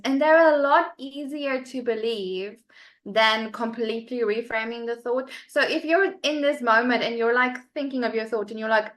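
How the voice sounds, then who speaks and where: Bubbly bright-voiced woman on a video call. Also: fairly high pitch. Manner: enthusiastic, bubbly, laughs often, says "like" a lot. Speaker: guest on a group video call. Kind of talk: lively casual chat.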